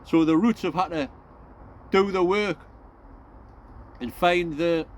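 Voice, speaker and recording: Chatty high-voiced man on an allotment. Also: takes it slowly, slight background noise. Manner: rambling, chatty, laughs at himself, talks to viewers as folks. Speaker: allotment gardening vlogger. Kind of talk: casual chat to camera. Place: outdoor allotment garden.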